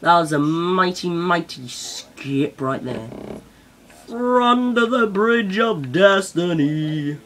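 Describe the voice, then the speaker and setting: Excitable young gamer, bright voice. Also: male voice, high-pitched, slow. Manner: excitable, yelps and shouts at the game. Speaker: gaming channel host. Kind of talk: let's-play commentary.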